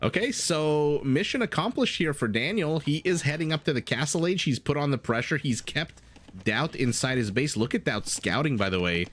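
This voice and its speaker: A game caster with a slightly high, animated, fairly bright voice and a moderate pace commentates a strategy game live. Between play-by-play calls he chats with viewers, reads chat aloud, and laughs often, and his non-standard English accent rounds words like "dollar."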